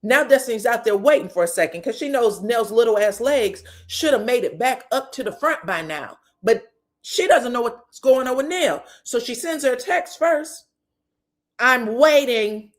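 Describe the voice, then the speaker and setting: Woman host, sassy and profane recap talk, slightly high voice. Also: normal speed. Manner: animated, profane, sassy storytelling with laughter. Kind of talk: casual commentary recap.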